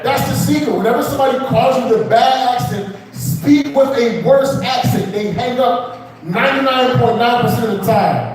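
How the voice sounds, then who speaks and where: A man's voice: very high-pitched, moderate pace, recorded from a distance. A young man doing a rambling stand-up set at a small open mic, swearing and chatting with the crowd. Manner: loose, rambling, swearing, crowd-work asides. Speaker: stand-up comedian. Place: small comedy club. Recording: roomy echo, off-mic.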